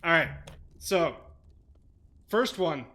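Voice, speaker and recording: A man's voice: a little high, animated, bright, forceful tone. A man co-hosting a book club podcast, chatting casually in a blunt, profane, joking way. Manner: blunt and profane, quick with jokes. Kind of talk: casual chat.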